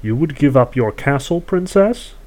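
A man's voice: mid-range voice, animated, moderate pace, a little mellow, voice pushed up, close to an everyday voice, low-quality recording. A man voicing a scheming, ageless sorceress woman who trades in stolen youth, talking in a cool, bargaining, condescending way.

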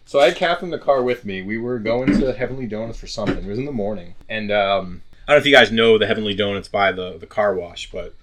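A young man, a podcast guest, telling a story in casual chat, animated and full of swearing. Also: lowish voice, fast talker, hardly any pauses, slight background noise.

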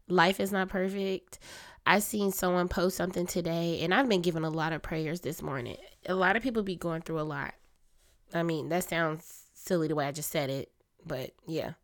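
A young adult woman hosting a casual personal podcast, chatty and confiding, her voice a little hoarse and throaty. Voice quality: deeper, grown-up voice than her usual small one. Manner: chatty, confiding, talks straight to listeners as y'all. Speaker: podcast host.

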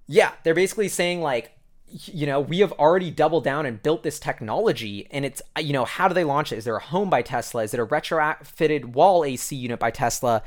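A man giving a casual, rambling commentary recap as a vlogger, excitable and full of fillers. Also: a little high, fairly quick.

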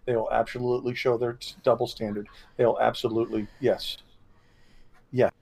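A man's voice: medium pitch, flat delivery, a little fast, vocal fry, darkish tone, husky. A man co-hosting a podcast, sarcastic and joking in casual political chat. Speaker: podcast co-host.

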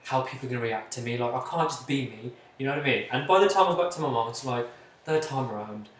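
A man in his twenties telling a candid personal story as a guest, chatty and open, often pausing on "like". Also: medium pitch, slight background noise. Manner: chatty, open, frequent "like" and self-interruptions. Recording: echoey room, distant mic.

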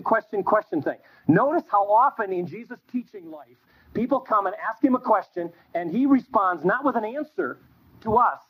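Husky high-voiced male Bible teacher. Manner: animated storytelling with quoted dialogue. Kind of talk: classroom Bible lecture. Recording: dull lo-fi recording.

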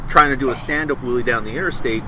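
A man co-hosting a casual motorcycle podcast who talks in a relaxed, rambling way. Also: medium pitch, fast, noisy background. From Middle Tennessee, US. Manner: relaxed, rambling, laughs easily. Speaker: podcast co-host.

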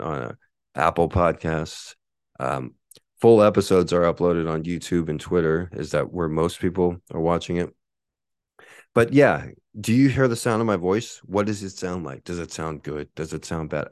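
A man in his forties delivers a solo podcast rant, boastful and combative, peppered with swearing. His voice sits on the low side. The recording is dry and close, with no room echo. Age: 40s. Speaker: podcast host. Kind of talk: ranting podcast monologue.

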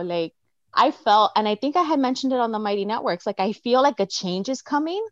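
An earnest woman speaks at a middle pitch, reflective, and she livens up when she acts out what others said. Her voice comes through a video call that sounds dry and dull, with little room around it. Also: normal speed, dry recording. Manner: earnest, reflective storytelling with animated quoted asides. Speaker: participant sharing her story. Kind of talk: casual personal sharing on a video call.

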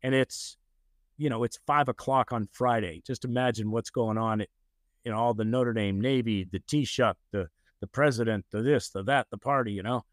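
An older man from the United States, a guest telling a lively anecdote in casual conversation, often acting out the voices of the people he quotes. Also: medium pitch, normal speed, no room sound, clean studio sound. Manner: animated anecdotes, acts out quoted voices, frequent "you know". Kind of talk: casual storytelling.

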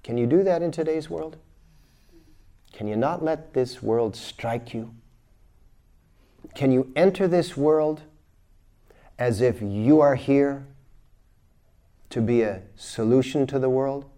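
Male spiritual teacher, lecture delivery, mid-range voice, dynamic storyteller with loud bursts. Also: medium pitch, slow pace, long pauses. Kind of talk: recorded lecture.

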